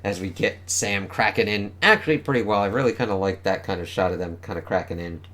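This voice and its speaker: A man's voice: lowish voice, fast, fairly bright tone. A man giving a casual, profane spoken review of a comic book, chatting offhandedly between panels.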